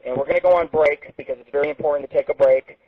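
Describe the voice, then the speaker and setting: A man's voice: on the high side, fairly even intonation, very fast, slightly rough, narrow, tinny audio. A man hosting an internet radio show, talking in a rambling, self-promoting showman patter. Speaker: radio host. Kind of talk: casual internet radio talk.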